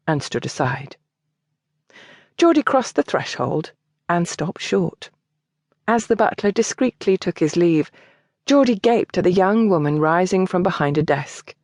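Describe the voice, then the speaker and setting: A woman narrating a historical romance audiobook in an expressive, scripted reading. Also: lowish voice, measured pace, no room sound, clean studio sound.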